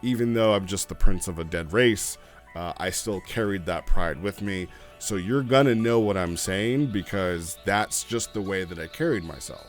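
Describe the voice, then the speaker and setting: A man voicing a proud, regal young alien prince who speaks in a stately, measured way. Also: low voice, faint music behind, lightly acted.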